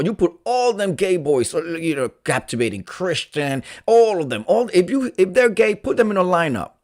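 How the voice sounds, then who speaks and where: Man host, gossip live stream, dramatic and lively, swings his pitch a lot. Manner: animated, dramatic, catchphrase-heavy, gossipy. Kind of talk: casual live-stream commentary.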